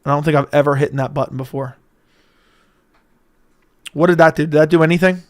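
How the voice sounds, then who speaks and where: A young man hosting a casual livestream from a room at home, talking close into a studio mic, joking and crude, with sudden loud bursts. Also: a little high, steady tone, fairly quick. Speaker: livestream host. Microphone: close studio mic with audio interface.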